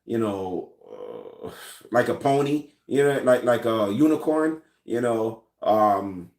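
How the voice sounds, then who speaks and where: Relaxed Jamaican man in an echoey room. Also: fairly low pitch, takes it slowly, gravelly. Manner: relaxed, rambling, many fillers and restarts. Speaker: channel host answering viewer comments. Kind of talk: casual live chat. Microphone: recorded in a room with his gun collection.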